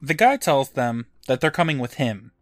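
A man's voice: mid-range voice, very animated, normal speed, dry recording. A man co-hosting a podcast, recapping an episode in a dry, matter-of-fact storytelling manner. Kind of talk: casual recap narration.

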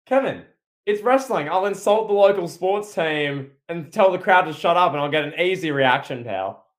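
Young man, somewhat higher voice, co-hosting a casual wrestling talk show. He hams up mock indignation and teasing asides, then drops back into easy chat. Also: animated, normal speed. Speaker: podcast co-host.

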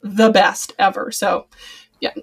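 A woman's voice: medium pitch, little pitch movement, takes it slowly, creaky. A young adult woman, a podcast guest and former cast member, talking in a chatty, rambling way with many fillers. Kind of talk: casual podcast conversation.

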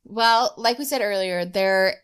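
A woman's voice: medium pitch, unhurried, crowd noise. A woman co-hosting a podcast in casual chat, talkative and full of "like" fillers. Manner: chatty, uses many "like" fillers. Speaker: podcast co-host.

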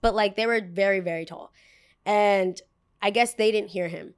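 A woman's voice: mid-range voice, steady tone, moderate pace, smooth. Young female podcast host, casual storytelling, chatty and filler-heavy, acts out the people she quotes.

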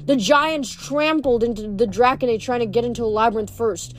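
A woman reading a novel aloud, steady but with small slips she corrects as she goes. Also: fairly high pitch, fairly quick. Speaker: reader.

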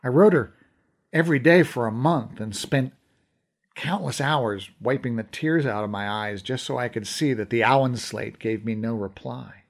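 A man's voice: medium pitch, moderate pace, vocal fry. A man giving heartfelt, emotional first-person story narration.

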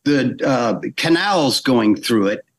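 A man's voice: mid-range voice, slow. A man telling behind-the-scenes anecdotes in a casual interview, acting out quotes and restarting phrases. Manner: animated anecdotes with acted quotes, frequent restarts. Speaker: animator guest.

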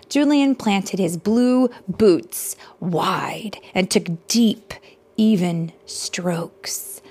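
Female storyteller reading to kids; hushed and whispery, husky texture, unhurried. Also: mid-range voice. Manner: hushed, often whispered narration with asides to listeners. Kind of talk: soft-spoken storybook reading.

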